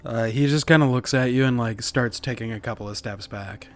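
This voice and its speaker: A man's voice: mid-range voice, a little fast, soft background music. A man narrating a tabletop role-playing game as game master in a casual way, with many fillers.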